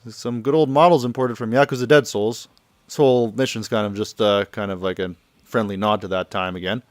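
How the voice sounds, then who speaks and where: A man's voice: fairly low pitch, fairly even intonation, fairly quick, no echo. A man giving offhand, rambling commentary over gameplay, translating the dialogue as he goes. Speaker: let's play commentator.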